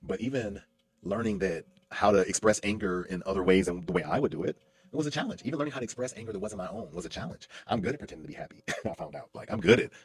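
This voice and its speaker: A deep-voiced man talks in a casual livestream monologue, racing through his stories. He is animated, often stopping and restarting mid-sentence with plenty of "you know" fillers. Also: fast. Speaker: lawyer and stage actor, livestream host. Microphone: livestream mic.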